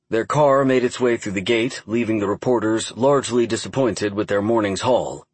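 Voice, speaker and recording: A man giving steady, measured audiobook narration. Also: on the low side, no room sound. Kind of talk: scripted narration.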